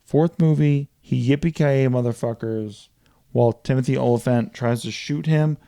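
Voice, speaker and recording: A man in a loose, casual chat, swearing freely as he recaps movie plots with lively energy. His voice sits at an ordinary middle pitch with a mellow, dark tone. The sound is dry and close. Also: moderate pace, dry recording. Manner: profane, animated retelling of movie plots. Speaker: podcast co-host.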